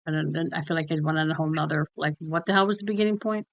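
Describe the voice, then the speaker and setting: Woman co-host, lowish voice, dry close sound, blunt and salty, retells stories with quoted voices. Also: very fast, no echo, dull audio. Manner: frank and blunt, swears freely, retells conversations with lively quoting. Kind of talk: casual spiritual chat.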